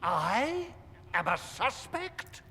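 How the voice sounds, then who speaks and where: A pompous, scornful chancellor. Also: male voice, high voice, sing-song, extremely slow, gravelly, pushed and bright, slight background noise, full character voice. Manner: imperious, scornful. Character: stern pompous male church chancellor. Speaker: stern church chancellor. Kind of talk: video game voice acting.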